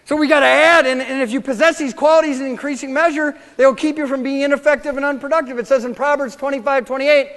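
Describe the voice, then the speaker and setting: A man's voice: very high-pitched, steady tone, fast, hardly any pauses, fairly bright tone. A male pastor preaching a sermon with passionate, conversational delivery, often restarting his sentences. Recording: long hall reverb.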